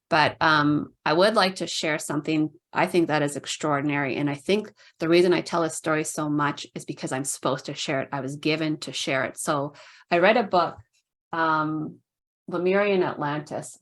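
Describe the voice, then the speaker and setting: A middle-aged woman telling stories casually as a podcast guest, chatty, with many "like"s. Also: deep voice. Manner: chatty, fills speech with "like", puts on voices for quoted people. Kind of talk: casual storytelling.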